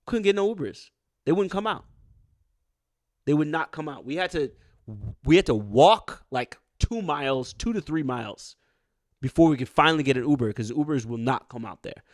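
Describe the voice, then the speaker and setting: A man's voice: a little high, expressive, moderate pace, no echo, studio quality. A man co-hosting a podcast, telling a long story in casual chat, rambling with fillers and street slang, often quoting people mid-story. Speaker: podcast co-host.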